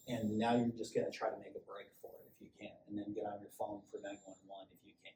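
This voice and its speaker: A man's voice: lowish voice, little pitch movement, quick pace, hardly any pauses. A middle-aged man, a police sergeant, giving a loose, conversational safety training talk to a small group and acting out little quotes as he goes. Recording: echoey room, distant mic, faint hiss.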